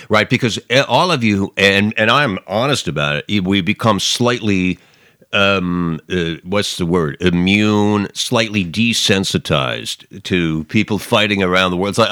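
A man's voice: low voice, animated, moderate pace, a bit bright, no echo, studio quality. A middle-aged man hosting a podcast, giving rambling, emphatic political commentary with many restarts and mocking asides. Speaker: podcast host.

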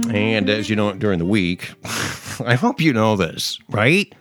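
Low-voiced guy hosting a late-night show, rambles and restarts a lot, voice swoops around, bit of guitar in the back. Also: sing-song, measured pace. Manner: chatty, digressive storyteller with frequent restarts and laughs. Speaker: radio or podcast host. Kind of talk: casual rambling talk show monologue.

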